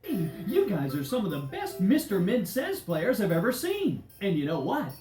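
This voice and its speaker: With a mellow, medium-pitched voice at normal speed and huge pitch swings, a woman portrays a cheerful, friendly male candy character. He leads kids in follow-the-leader, and she keeps it bouncy, playful and coaxing, as on a children's DVD game. Music sits behind her in an echoey, roomy recording.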